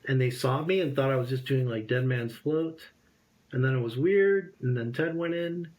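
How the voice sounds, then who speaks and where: With a mid-range voice at an ordinary speed, a fifties-aged man shares a personal story during an interview. He tells it with energy, performing the remembered voices of others.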